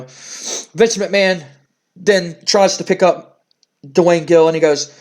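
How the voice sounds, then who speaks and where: A male let's play host narrating a wrestling sim in an excitable way, often stammering in disbelief. His voice is high for a man and it jumps around a lot. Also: slow, pauses often.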